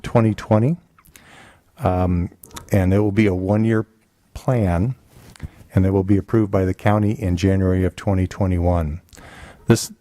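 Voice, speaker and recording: A man presenting a school district report at a board meeting, halting often with restarts and fillers. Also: lowish voice, warm tone, no echo.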